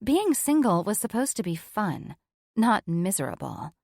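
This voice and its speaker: A woman narrating a first-person audiobook with frank, sardonic directness. Her voice sits at a middle pitch, recorded close and dead dry with no room around it. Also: big pitch swings, a little slow, darkish tone, no echo.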